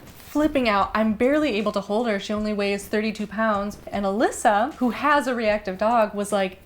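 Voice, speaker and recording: Animated young woman vlogger telling a story. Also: medium pitch. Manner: animated, breathless retelling with quick asides. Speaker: vlogger and dog owner. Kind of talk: casual storytelling to camera.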